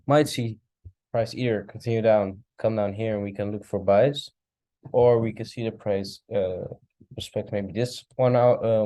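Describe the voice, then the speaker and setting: Low, mellow man yawning through a chart recap. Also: dry recording. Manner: rambling, thinking aloud, yawning. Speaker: forex trader reviewing charts. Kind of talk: casual screen-share market recap.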